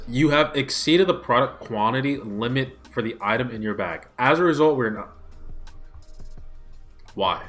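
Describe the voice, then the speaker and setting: A young man ranting in a casual livestream, exasperated and swinging his pitch widely, recorded on a smartphone. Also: lively intonation, normal speed, long pauses, fairly bright tone, faint music behind. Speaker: YouTuber streaming a watch party.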